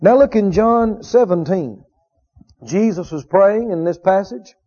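Male preacher, high voice, emphatic and repetitive delivery, muffled lo-fi sound. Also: warm tone. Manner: emphatic, repeats key phrases, drawn-out quotes of scripture. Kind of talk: sermon. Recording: dull lo-fi recording.

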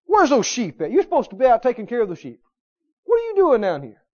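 A man's voice: very high-pitched, wildly swooping pitch, fast, a little mellow, lo-fi sound, pitched above the performer's own voice, exaggerated voice. A male preacher acting out an older brother who scolds a younger one, with an accusing, scornful tone. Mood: scolding.

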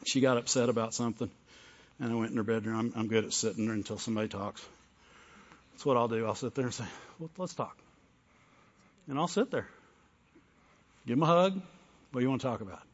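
An older man preaching a sermon, shifting between fervent call-and-response peaks and soft, intimate storytelling. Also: medium pitch, quick pace, long pauses. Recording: dull sound with long hall reverb.

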